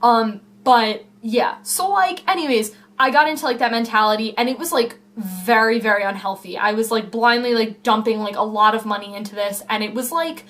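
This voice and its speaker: A woman's voice: on the high side, moderate pace, few pauses, fairly bright tone. A young woman chatting casually to camera at home in a vlog, rambling and full of fillers. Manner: rambling, filler-heavy, self-interrupting. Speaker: YouTuber. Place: home room.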